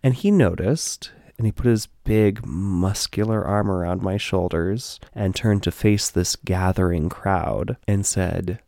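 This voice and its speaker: A young man co-hosting a podcast, telling a story in a casual, animated way. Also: low voice, measured pace, creaky, hardly any pauses, no room sound, clean studio sound. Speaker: podcast co-host.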